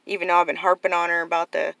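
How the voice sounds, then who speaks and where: A woman's voice: lowish voice, flat delivery, very fast, gravelly, fairly bright tone, no echo, low-quality recording. A middle-aged woman talking casually and earnestly to camera, rambling with lots of "like" and "you know". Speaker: vlogger.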